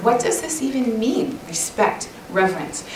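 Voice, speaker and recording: Middle-aged woman, chatty and animated women's conference speaker, high-ish voice, distant in an echoey church hall. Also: unhurried, a little hiss or hum. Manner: lively, chatty, laughs often, acts out quotes.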